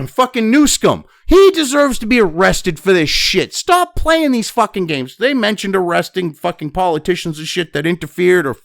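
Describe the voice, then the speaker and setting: A man delivers a furious, profanity-laden rant, jumping between flat, muttered reading and sudden high, loud outbursts. His voice sits fairly high and swings widely in pitch. The sound is close and dry, with no room around it. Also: normal speed, gravelly, dry recording. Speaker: commentator reading and reacting to news. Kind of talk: profane political rant over news reading.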